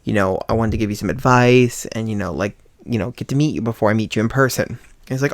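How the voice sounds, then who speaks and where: A young man hosting a podcast, telling a personal story in a casual, animated way and acting out what people said. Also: fairly low pitch, quick pace, dry recording. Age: young adult. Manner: animated, acts out quoted voices with sighs and laughs. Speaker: podcast host.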